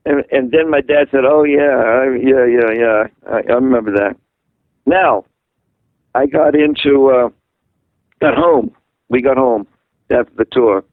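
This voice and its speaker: A man's voice: medium pitch, vocal fry, no room sound. An older man from Massachusetts telling long stories in an interview and acting out the voices of people he quotes. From Massachusetts, USA. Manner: animated storyteller who acts out quoted voices. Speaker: interviewee, musician. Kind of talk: rambling storytelling in a phone interview. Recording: tinny phone line, dry.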